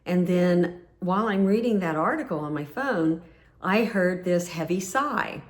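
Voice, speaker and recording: A woman's voice: lowish voice, animated, measured pace. A middle-aged woman telling a personal story in a casual, rambling way, close to tears. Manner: rambling, with many restarts and fillers.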